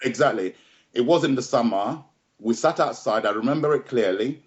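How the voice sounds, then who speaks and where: A man's voice: mid-range voice, normal speed. A middle-aged man, a boxing trainer telling his story as an interview guest in an emphatic way, repeating phrases and checking in with "yeah?". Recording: slightly dull lo-fi audio.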